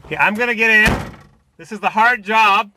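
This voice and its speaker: A man's voice: high-pitched, moderate pace. Joking man on noisy outdoor camcorder. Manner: joking, teasing, giving instructions. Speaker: car owner filming himself. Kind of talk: casual joking chatter. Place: outdoors by a car trailer.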